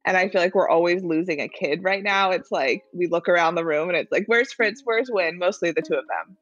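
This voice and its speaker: A woman in her thirties talks frankly and casually about her newborn and older kids. Her voice is somewhat low for a woman, and she laughs easily as she chats. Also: quick pace, dry recording, muffled recording, faint music behind. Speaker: new mother sharing voice memos. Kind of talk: casual chat and phone voice memos.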